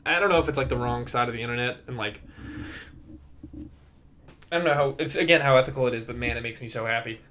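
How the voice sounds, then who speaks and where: A young man chatting on his solo podcast, loose and rambling, dropping curse words as he goes. His voice sits at a middle pitch for a man, and he keeps it easygoing and unscripted. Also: fast, long pauses, pushed and bright, a little hiss or hum. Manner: rambling, profane, laughs at his own stories. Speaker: podcast host. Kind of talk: casual solo podcast chat.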